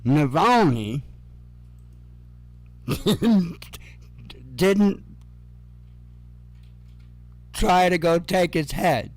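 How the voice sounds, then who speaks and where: A man's voice: high-pitched, expressive, extremely slow, darkish tone, no room sound. A man hosting casual news commentary, sarcastic and profane, with chuckling asides.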